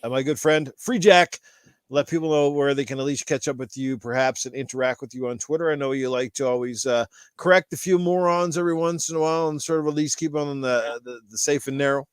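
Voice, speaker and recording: Upbeat rambling podcast host, a man, mid-pitch, dry close sound. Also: a little fast, clear, resonant tone, no echo. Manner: upbeat, rambling shout-outs. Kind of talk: casual show sign-off.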